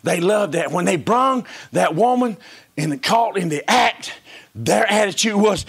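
A man preaching a sermon in a church service, folksy and full of rhetorical questions, swinging between hushed whispers and shouts. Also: sits high, animated, a little slow, creaky, slightly rough.

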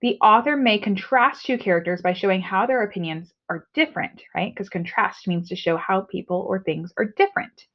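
A woman's voice: mid-range voice, lively intonation, fairly quick, few pauses. A woman teacher giving a reading lesson from home, explaining in a friendly way and checking in with frequent "okay"s. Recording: dull lo-fi recording.

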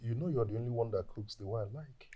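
An actor playing a worried husband and father who talks gently and earnestly. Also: medium pitch, fast talker, lo-fi sound, natural voice. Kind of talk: film drama acting.

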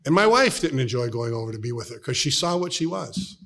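A middle-aged man with an American accent, preaching a sermon as a pastor, telling stories and dropping from loud to hushed tones. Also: medium pitch, big pitch swings, fairly quick. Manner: storytelling, shifts from loud to hushed.

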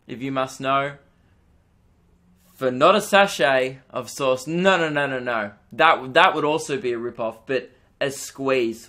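A man's voice: medium pitch, pushed and bright. A young Australian man hosting a solo comedy podcast, ranting with mock outrage and swearing.

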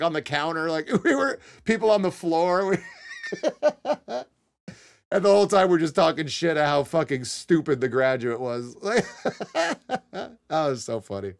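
A young man streaming live, telling a long story to his chat in a casual, animated way, swearing and laughing a lot. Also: fairly high pitch. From Connecticut. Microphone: desk mic.

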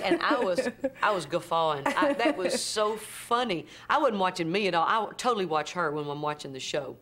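Lower-voiced woman with an Oklahoma accent. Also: heavy background noise. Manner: chatty, quick to laugh at shared stories. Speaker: actress and guest. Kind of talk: casual chat.

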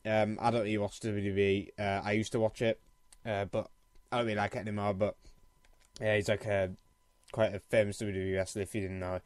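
Here a let's-play gamer, a young man with a sore throat, delivers casual, profane, fed-up commentary over his gameplay. His lowish voice is flat and fairly quick with no room sound, and loud clarinet game music loops in the background.

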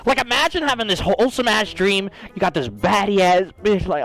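A young man talks over his gameplay in a high, bouncy voice that swoops up and down. His chatter is crude and excitable, and he breaks into sudden shouts. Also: fairly quick, soft background music. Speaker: streamer. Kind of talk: casual gaming stream chatter.

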